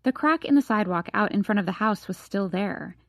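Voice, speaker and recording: A woman reading a young adult novel aloud at a middle pitch. The sound is close and dry, with no room around it, and she tells the story in an even, steady way. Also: brisk, no echo. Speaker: audiobook narrator. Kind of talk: scripted narration.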